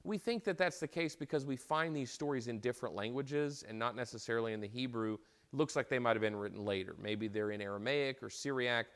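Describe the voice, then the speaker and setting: A man's voice: mid-range voice, a little fast, few pauses, fairly bright tone, clear, resonant tone. Rambling, storytelling male Bible teacher. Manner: repeats and restarts words, conversational asides. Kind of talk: informal lecture, retelling a story.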